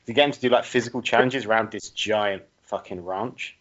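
A man's voice: on the low side, fairly quick, fairly bright tone. A man, co-hosting a podcast in laid-back casual chat. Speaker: podcast co-host. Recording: dull lo-fi podcast mic.

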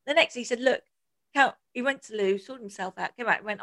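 Her voice is gravelly and fairly high, and she talks fast. This woman co-hosts a podcast, swapping stories in a casual, animated chat full of laughter and acted-out quotes.

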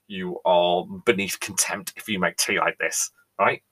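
A man's voice: sits low, steady tone, fairly bright tone. A British man hosting a podcast, delivering a theatrical, mock-outraged monologue that keeps checking in with "right?". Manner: theatrical, exasperated, pausing, repeats "right?". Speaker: podcast host.

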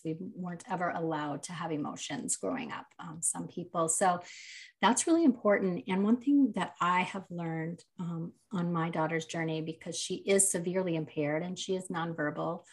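An earnest woman in relaxed conversation with a voice that sits on the lower side. She speaks openly about raising her child, with many fillers, and grows animated when she tells a story. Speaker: podcast co-host, parent of a nonverbal child. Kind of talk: casual conversation.

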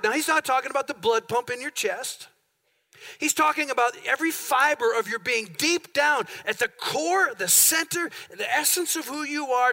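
A man delivers a sermon from the pulpit of a church, his voice high and bright. He leans hard into emphasis, piling up repeated phrases to drive each point home. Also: fairly quick. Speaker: pastor. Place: church sanctuary.

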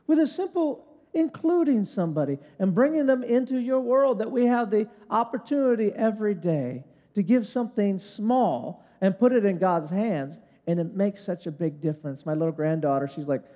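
High-voiced older pastor preaching in a hall. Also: male voice, moderate pace, muffled recording. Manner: animated, conversational preaching with frequent "right?". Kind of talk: sermon.

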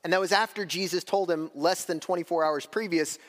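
Preacher in a reverberant church. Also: male voice, fairly high pitch, fairly even intonation. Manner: conversational preaching, shifting between slow emphasis and quick asides. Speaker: pastor. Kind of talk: sermon.

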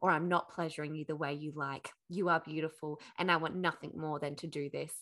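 A woman voicing a possessive, intense male demon prince in a low, hushed way. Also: fairly even intonation. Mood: tender. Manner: low, slow, intimate delivery.

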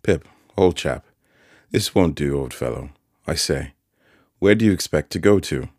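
A man voicing a kindly, simple-spoken village blacksmith in an audiobook, with earnest, gentle country speech. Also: rumbling low, lively intonation, a little slow, dry recording, studio quality, heavily acted. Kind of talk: audiobook character voice.

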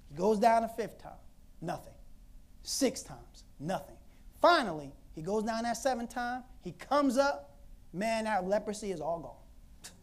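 A woman preacher telling a Bible story in an animated, conversational sermon, laughing often. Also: mid-range voice, a little slow.

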